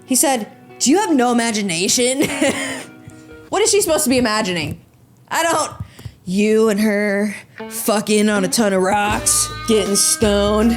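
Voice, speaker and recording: A young woman hosting a solo podcast, reading out and mocking stories with sarcastic, crude commentary and quick impressions. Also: mid-range voice, faint music behind. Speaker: podcast host.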